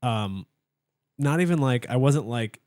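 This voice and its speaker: A man's voice: medium pitch, animated, a little slow, a little mellow, dry recording. Young man, podcast co-host, casual chat, rambling, fillers, dry studio sound. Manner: rambling storyteller, many fillers and restarts.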